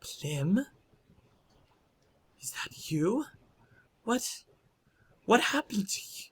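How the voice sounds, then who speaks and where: A man's voice: sing-song, very slow, slightly rough, exaggerated voice. Man doing a shrieking furious woman. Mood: shocked. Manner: shrieking, high-pitched and loud. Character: frightened, furious young human woman.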